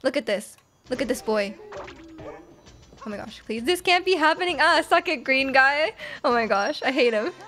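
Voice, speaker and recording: A high-pitched woman streams a game live, cheering and laughing as she plays and reads out chat messages. Faint game music plays behind her voice. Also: moderate pace. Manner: excitable, reads chat aloud, laughs often.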